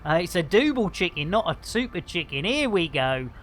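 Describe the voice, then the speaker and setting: A man's voice: high voice, very animated, normal speed, fairly bright tone. A British man giving casual live-stream commentary over a game, full of puns and rambling jokes. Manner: jokey, punning, rambling banter.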